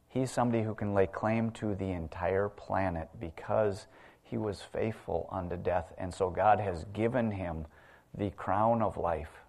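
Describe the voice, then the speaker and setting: A man preaching a sermon, retelling scripture and swinging between loud emphasis and quiet, low asides. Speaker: pastor.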